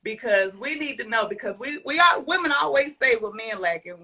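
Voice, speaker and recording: A woman's voice: fairly high pitch, expressive, brisk, sharp tone. A woman hosting a casual podcast, frank and blunt as she asks questions. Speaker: podcast host.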